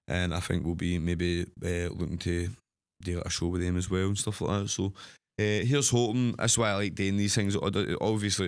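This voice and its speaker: A Scottish man with a low, smooth, resonant voice co-hosting a casual podcast. He talks in a laid-back, rambling way, with lots of fillers. The mic is close and dry. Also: no room sound. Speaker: podcast co-host, wrestler. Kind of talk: casual chat.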